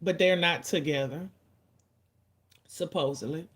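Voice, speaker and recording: A woman in her forties hosting a livestream, venting to her chat in a blunt, profane, rapid-fire way and stretching out the lines she wants to stress. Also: sits low. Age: 40s. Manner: drawn-out emphatic lines. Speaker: livestream host. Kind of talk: casual ranting to chat.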